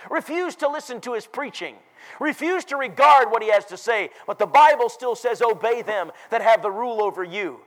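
A man with a high voice preaching a sermon from scripture. He talks emphatically and climbs to loud, ringing declarations. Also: animated, moderate pace, rough recording.

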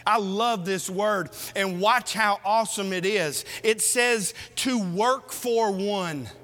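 Male preacher, very high, bright, forceful voice, lively exhortation, long hall echo. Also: slow pace. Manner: animated, exhorting the congregation with rhetorical questions. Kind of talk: sermon.

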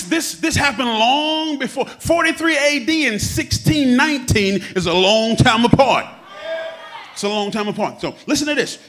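Man preaching, high voice that swings all over, jokey and animated. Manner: animated, humorous, acts out quotes. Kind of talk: sermon.

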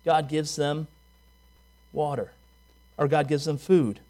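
Pastor type, a man with a high voice who preaches with easy humor and rhetorical questions. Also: steady tone, slow, dark tone. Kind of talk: sermon.

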